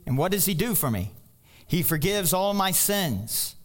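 A man's voice: sits high, sing-song, a little slow. A man preaching a sermon in a folksy, storytelling way, with joking asides and a voice that climbs when he presses a point. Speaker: pastor.

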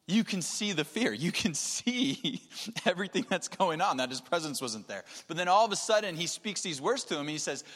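Bright-voiced preacher in a reverberant hall. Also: male voice, a little high, animated, moderate pace. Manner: shifts between soft near-whispers and emphatic raised passages. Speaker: pastor. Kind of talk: sermon.

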